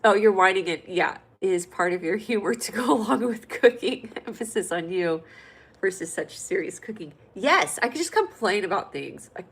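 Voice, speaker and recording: A woman from California with a medium-pitched, slightly breathy voice hosts a comedy livestream, reading comments and bantering playfully at a moderate pace, sometimes getting lively and loud. The recording is rough.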